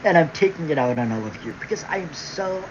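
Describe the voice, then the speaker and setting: A woman's voice: low-pitched, lively intonation, quick pace. Woman, livestream rant, sarcastic, angry, swears a lot, dull lo-fi audio, faint hiss. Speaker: livestream host.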